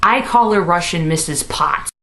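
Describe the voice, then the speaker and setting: A woman in her twenties from Missouri, telling a comic story to the camera in her apartment, bubbly and animated, full of "like". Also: on the low side, normal speed. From Missouri, USA. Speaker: comedy vlogger. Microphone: camera in her room.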